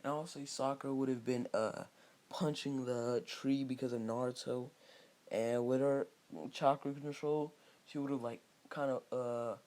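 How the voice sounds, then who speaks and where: A man's voice: mid-range voice, fairly even intonation, measured pace, a little mellow. A man casually improvising a fan-fiction story, rambling and hesitant, with many restarts.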